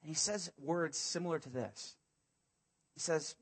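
Male pastor, sermon, husky voice, a bit high-pitched, lively casual storytelling. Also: unhurried. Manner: animated, acts out biblical dialogue in casual modern speech.

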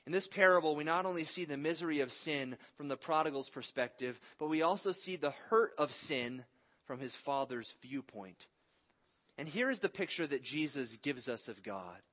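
A man's voice: a little high, expressive, normal speed, a bit bright. A man in his thirties preaching a sermon in an earnest, conversational way, mixing in stories about his family. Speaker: pastor.

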